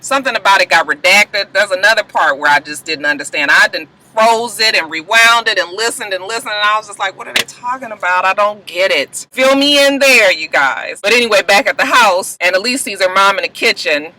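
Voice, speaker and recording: Lively, bright-voiced woman recapping TV. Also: medium pitch, low-quality recording. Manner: animated, profane, acts out characters' lines. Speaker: TV recap vlogger. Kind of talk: casual TV episode recap.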